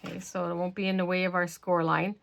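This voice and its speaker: A woman's voice: fairly low pitch, flat delivery, quick pace, creaky, a bit bright. A woman hosting a craft tutorial, explaining steps casually while working with her hands and murmuring to herself, her voice slightly worn and losing strength. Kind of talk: casual step-by-step craft instruction.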